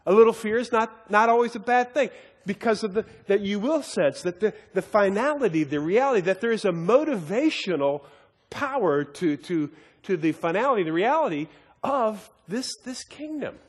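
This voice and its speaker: A man's voice: sits high, animated, moderate pace, breathy edge, long reverb tail. A man teaching a Bible study as a sermon, earnest and emphatic, often repeating and restarting his words as he tells a story.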